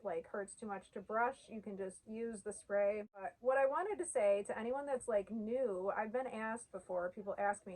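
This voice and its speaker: A woman's voice: medium pitch, a little mellow, rough recording. A woman in her thirties talking to camera in a heartfelt, earnest way, peppering her speech with "like" and at times tearful. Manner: earnest, heartfelt, uses "like" often. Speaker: vlogger sharing her denture journey. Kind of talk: emotional casual talk to camera.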